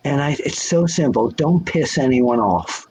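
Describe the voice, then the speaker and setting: An older man telling wrestling-magazine stories on a video call, lively and acting out the voices of people he quotes. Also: mid-range voice, measured pace, breathy edge, low-quality recording. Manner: animated, acts out quoted voices. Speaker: guest answering fan questions. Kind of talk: casual storytelling chat.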